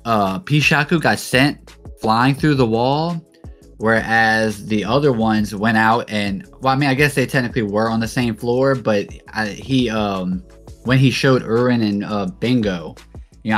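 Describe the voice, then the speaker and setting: Man, lowish voice, halting, full of fillers, casual podcast chat, faint music. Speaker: podcast co-host.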